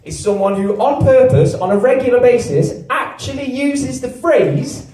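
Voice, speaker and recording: Young english guy doing stand-up, fairly high voice, deadpan and self-mocking, echoey room, a bit far off the mic. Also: moderate pace. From England. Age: 20s. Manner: deadpan, self-deprecating, with big rises in pitch on punchlines. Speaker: stand-up comedian. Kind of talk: stand-up comedy set. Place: comedy venue with a live audience. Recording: echoey venue, mic at a distance. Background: audience laughter.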